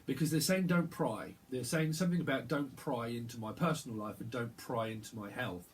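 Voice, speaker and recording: Male tarot reader, channeled reading, rambling, halting delivery with lots of repeats, average pitch. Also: a little hiss or hum.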